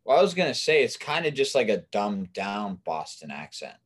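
A man's voice: fairly low pitch, sing-song, moderate pace. A man chatting casually as a podcast guest over a remote mic, laid-back and often asking "you know what I mean". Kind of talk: casual crude podcast chat. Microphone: remote mic held far off.

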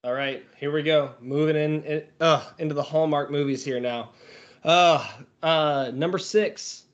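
A man's voice: a little high, fairly even intonation, a little slow. A man co-hosting a podcast, telling stories in a wry, jokey way. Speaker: podcast co-host. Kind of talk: casual chat. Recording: dull lo-fi audio.

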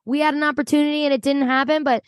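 A woman with a fairly high voice chats about a reality show in loose, emphatic slang. The recording is dry and close, with no room echo. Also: flat delivery, very fast. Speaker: podcast co-host. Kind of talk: casual reality TV recap chat.

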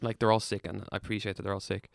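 A man's voice: fairly low pitch, level tone, racing, vocal fry, dry recording, clean studio sound. A young man with an Irish accent telling a long hospital story in casual chat, rambling, swearing freely, and laughing through it.

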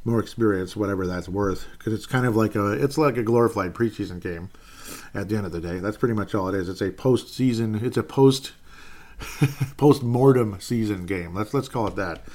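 A man's voice: fairly low pitch, normal speed, darkish tone. A man giving a casual solo recap of football games, wry and self-correcting. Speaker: sports commentator. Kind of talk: solo NFL recap commentary.

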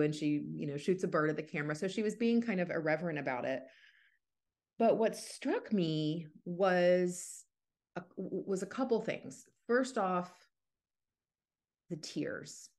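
Woman podcast host, pretty low voice, chatty and reflective, lots of restarts. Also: normal speed. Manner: thoughtful, with frequent restarts and hedges. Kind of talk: casual podcast monologue.

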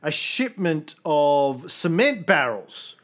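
A man co-hosting a history podcast, his voice sitting a little high. He tells events animatedly, stopping and restarting his sentences. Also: sing-song, takes it slowly, a bit bright. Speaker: podcast host. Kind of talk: casual history chat.

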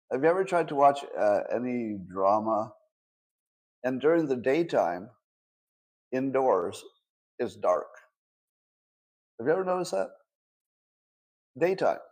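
A man's voice: medium pitch, darkish tone. Sarcastic man ranting in rhetorical questions. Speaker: host. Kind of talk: casual solo commentary.

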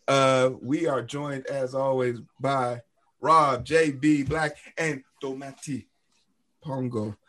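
A man's voice: medium pitch, steady tone, takes it slowly, fairly bright tone. Tired, teasing man hosting a book club. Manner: joking, upbeat, teasing friends. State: tired after a long work shift. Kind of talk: casual podcast chat.

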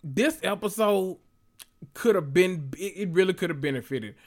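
Sassy, animated man with a raised voice. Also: high-pitched, moderate pace. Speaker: recap vlogger. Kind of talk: casual TV recap and reaction.

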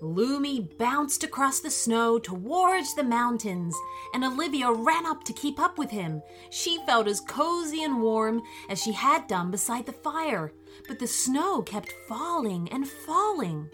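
Slow, expressive woman storyteller. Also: a little high, faint music behind. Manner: soothing, expressive. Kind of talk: scripted children's story narration.

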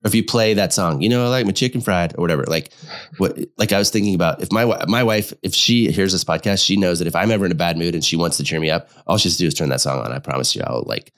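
A man, a couples therapist, talking through ideas in a casual podcast conversation, thoughtful and halting, often restarting his phrases. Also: low voice, a bit bright. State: slightly unwell.

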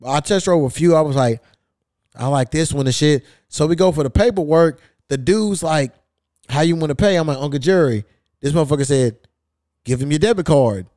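A man's voice: fairly high pitch, a little fast, a little mellow, dry recording, clean studio sound. A podcast host telling a long, profane story in casual chat, acting out the people he quotes. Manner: profane, acts out quoted voices.

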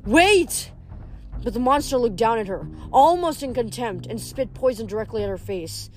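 Woman reading a novel aloud, higher voice. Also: a little fast, faint music behind. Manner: plain steady reading with small stumbles and self-corrections. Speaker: audiobook reader.

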